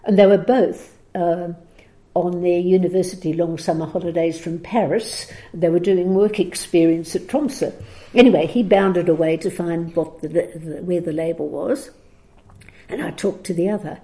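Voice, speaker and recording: A woman's voice: on the low side, steady tone, moderate pace, warm tone. A woman telling a long anecdote on a recorded program, chatty, with frequent laughs, ums and restarts. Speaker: guest storyteller.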